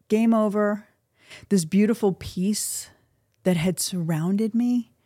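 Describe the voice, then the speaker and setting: A middle-aged woman from the United States, a guest on a podcast, telling a personal story in an earnest, halting, emotional way. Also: fairly low pitch, darkish tone, no room sound, studio quality. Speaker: interview guest. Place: podcast recording.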